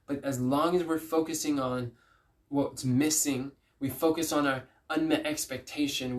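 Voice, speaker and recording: A man giving an earnest, pleading inspirational Christian message, telling stories with emphatic repeats. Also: mid-range voice. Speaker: Christian speaker. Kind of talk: inspirational preaching to camera.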